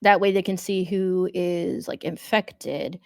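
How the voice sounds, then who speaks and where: A woman's voice: fairly low pitch, slow, vocal fry. A young woman co-hosting a podcast, retelling a film in casual chat, full of fillers like "um" and "like". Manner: chatty, lots of fillers, animated retelling with acted-out shouts. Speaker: podcast co-host.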